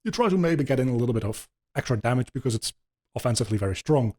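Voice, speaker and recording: A man's voice: medium pitch, lively intonation, rapid-fire, warm tone. A man hosting a podcast, rambling casually with many ums and swears as he explains video game lore. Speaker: podcast host.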